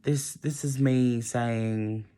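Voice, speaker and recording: Young guy rambling on camera late at night, emotional, stumbles and restarts a lot, mid pitched voice. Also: fairly even intonation, warm tone, clear, resonant tone. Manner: emotional, halting, many restarts. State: emotional, close to tears. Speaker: vlogger.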